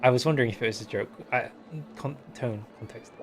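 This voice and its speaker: A man's voice: mid-range voice, brisk, a little hiss or hum. A man streaming a strategy game, chatting casually and joking while reading the event text aloud. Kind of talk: casual gameplay commentary.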